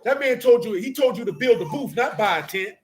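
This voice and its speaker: High-voiced middle-aged guy preaching, slangy, scolding, shouts sometimes. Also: lively intonation, fairly quick. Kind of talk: fiery sermon.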